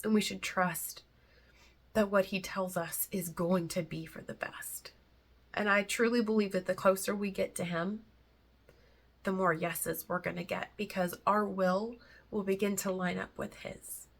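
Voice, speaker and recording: A woman's voice: mid-range voice, fairly even intonation, unhurried, slightly rough. A woman talking to camera in a casual faith vlog, earnest and heartfelt, chatty and rambling between thoughts. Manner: earnest and heartfelt, close to tears at times. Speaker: faith vlogger.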